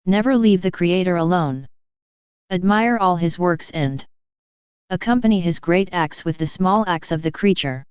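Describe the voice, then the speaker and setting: Reader doing Jesus: calm loving divine man, slow and solemn, smooth dry lo-fi read. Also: mid-range voice, no room sound, natural voice. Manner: slow, solemn, measured delivery. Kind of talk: devotional reading. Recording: dull lo-fi dry recording.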